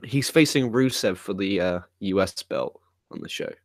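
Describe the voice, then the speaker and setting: A man co-hosting a casual wrestling talk show, chiming in quietly and low-key. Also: normal speed, no room sound, studio quality. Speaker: podcast co-host.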